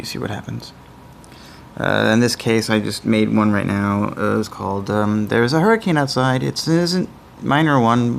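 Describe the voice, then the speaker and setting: A man's voice: mid-range voice, vocal fry, a little hiss or hum. A man streaming live, chatting casually in a rambling, stammering way that often breaks off mid-thought. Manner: rambling, stammering, self-interrupting.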